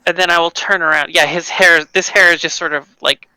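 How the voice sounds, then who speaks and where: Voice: mid-range voice, steady tone, a little fast, pushed and bright, smooth, poor audio. A tabletop player chatting casually and describing their character's actions, with many fillers. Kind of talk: casual tabletop role-play.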